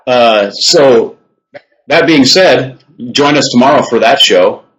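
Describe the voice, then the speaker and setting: A man's voice: mid-range voice, expressive, slow, fairly bright tone, slight background noise, low-quality recording. A man co-hosting a podcast in casual chat, easygoing and agreeable, with some hesitant fillers. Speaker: co-host.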